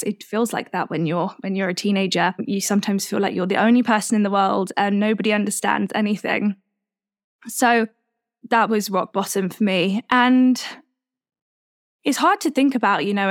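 A woman in her twenties hosting a podcast, telling a personal story in a candid, reflective, unhurried way. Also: mid-range voice, no echo, clean studio sound. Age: 20s. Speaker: podcast host.

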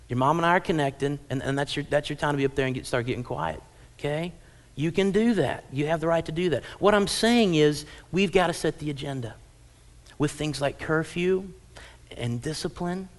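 A middle-aged male pastor preaching in a church, casual and conversational, telling stories with lively acted-out quotes. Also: fairly high pitch. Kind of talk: sermon. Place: church auditorium.

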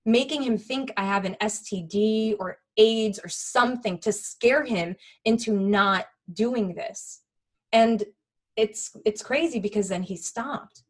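A woman candidly recounting a personal experience in a halting, earnest way, with frequent fillers and restarts. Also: fairly high pitch. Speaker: guest telling a personal story.

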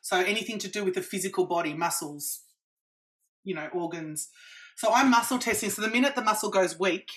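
A woman practitioner, a guest in an interview, explaining her methods in an animated way with examples. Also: medium pitch, fairly quick.

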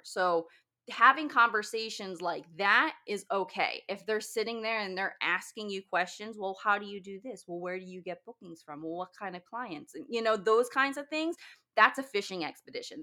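A woman's voice: medium pitch, pushed and bright. A woman who owns a wedding business, giving blunt, profane advice in a casual talk.

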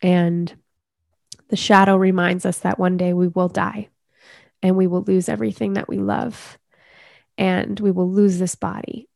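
A woman coach speaking as a podcast guest, earnest and measured as she talks about inner healing. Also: fairly low pitch, little pitch movement, creaky, a little mellow, no echo, clean studio sound. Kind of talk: reflective conversational interview.

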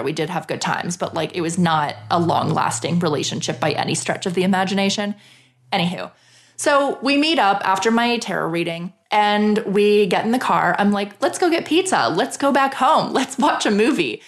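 A woman talks through her own story on her podcast. Her delivery is casual and confiding, peppered with "like" and the odd swear word, at a middling pitch. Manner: chatty and frank, swears freely, frequent "like" fillers. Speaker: podcast host.

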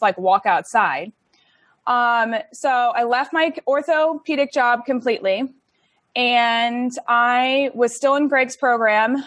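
A woman's voice: a little high, fairly bright tone, dry recording, studio quality. A young woman telling her story in a chatty, casual way, with many likes and ums and laughs between phrases. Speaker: interview guest.

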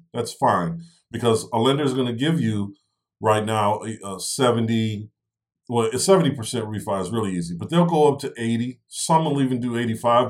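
A man with a low voice talks through investing steps in a casual podcast chat. He explains patiently and keeps checking that his listener follows with quick "right?" and "okay?" tags. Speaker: real estate investor co-host.

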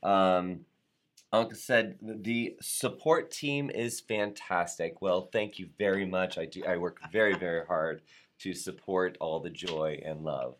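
Guy hosting a live stream, lowish voice, bubbly, reads the chat out loud, stumbles on words sometimes. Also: slow. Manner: upbeat and playful, trips over words. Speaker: host of a live show. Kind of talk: live-stream chat reading viewer comments. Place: Atlanta area.

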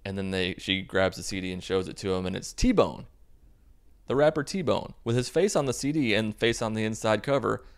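A young man hosts a comic movie-recap podcast with sarcastic, profane commentary. His voice sits low, but it swings widely in pitch as he riffs. The delivery is loose and conversational. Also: animated, moderate pace. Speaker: podcast host.

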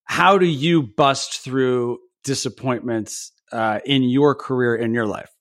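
A man who creates TV shows, speaking as a guest in an earnest, reflective way with halting restarts. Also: medium pitch. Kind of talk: casual podcast interview.

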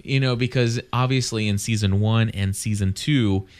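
A man's voice: on the low side, normal speed, darkish tone. A man hosting a podcast, chatting casually and rambling with many restarts and fillers. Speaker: podcast host. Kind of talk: casual chat.

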